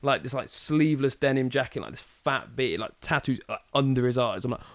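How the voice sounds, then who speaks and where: A man's voice: medium pitch, a little fast, dry recording. A young man co-hosting a podcast, telling stories in casual chat, swearing freely and acting out the people in them. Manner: animated storyteller, acts out voices, swears freely. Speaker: podcast co-host.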